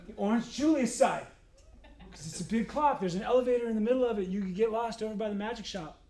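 High-voiced pastor preaching conversationally. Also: male voice, moderate pace, darkish tone. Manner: conversational, jumps into quoted voices, asks the congregation questions. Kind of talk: sermon.

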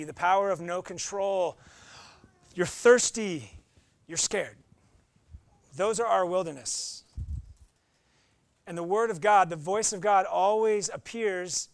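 A man's voice: sits high, gravelly, no room sound. A man preaching a conversational, emphatic sermon as pastor, acting out short quotes.

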